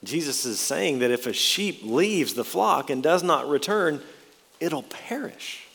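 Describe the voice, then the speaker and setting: A man's voice: on the high side, expressive, creaky, a bit bright, breathy edge. Man preaching in an echoing hall. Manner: earnest, slows and stresses key words. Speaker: pastor. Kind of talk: sermon with scripture reading. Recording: long reverb of a large hall.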